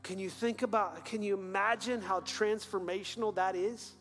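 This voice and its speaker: A man preaching an earnest sermon as pastor, then leading a quiet prayer. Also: sits high, steady tone, moderate pace. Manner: earnest, building to fervent then hushed prayer. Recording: long hall reverb with faint music.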